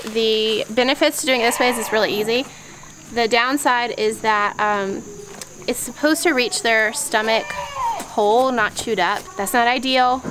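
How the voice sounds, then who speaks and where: A woman's voice: fairly high pitch, background noise. A woman vlogger giving a practical step-by-step how-to talk outdoors on a farm. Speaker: homesteading vlogger. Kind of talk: casual how-to explanation.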